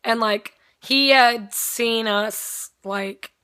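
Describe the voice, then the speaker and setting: A young woman vlogs in a rambling, excitable chat and swears freely along the way. Her voice sits a little high and has a bright, sharp edge. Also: extremely slow, clean tone. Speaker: vlogger. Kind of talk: casual chat.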